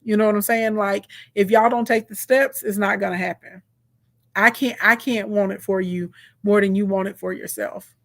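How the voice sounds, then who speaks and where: A young woman hosting a live stream, bubbly and excitable, squealing and laughing with a caller. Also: mid-range voice, moderate pace. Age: young adult. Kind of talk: casual live-stream chat.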